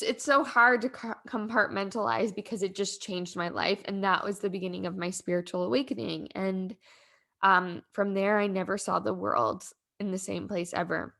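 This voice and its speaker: A young woman hosting a podcast, telling a personal story in a casual, rambling, heartfelt way, full of "like" fillers and close to tears at times. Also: mid-range voice. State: emotional, near tears. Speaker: podcast host.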